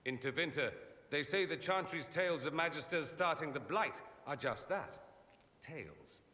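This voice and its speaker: A man's voice: fairly high pitch, lively intonation, normal speed, bright, forceful tone, long reverb tail. An actor voicing a witty, vain male mage in a video game, sardonic and theatrical, by turns playful and grave. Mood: wry.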